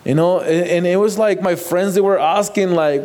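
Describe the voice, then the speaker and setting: Man, somewhat high voice, halting heartfelt testimony. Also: a little mellow. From Mexico. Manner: halting, repeats words, non-native phrasing. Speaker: guest sharing testimony. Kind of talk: personal testimony.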